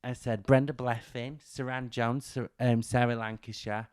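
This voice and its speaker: A man's voice: medium pitch, flat delivery, normal speed, darkish tone, clear, resonant tone, no echo. Chatty Northern English man, dry sound. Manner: chatty, self-mocking, swears casually. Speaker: podcast co-host, actor and stand-up comic. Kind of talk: casual comedy chat.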